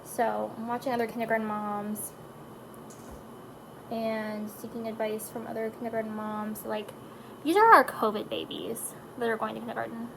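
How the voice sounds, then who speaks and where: A woman's voice: fairly high pitch, steady tone, moderate pace, creaky, background noise. A woman, a mother of four chatting casually while doing her makeup, emotional and rambling with lots of fillers. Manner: chatty and emotional, drifting between topics with frequent likes and fillers.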